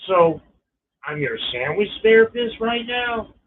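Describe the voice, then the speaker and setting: A man's voice: sits high, big pitch swings, measured pace. A middle-aged man telling a personal story in a casual, profane, exasperated way. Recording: tinny phone-like line.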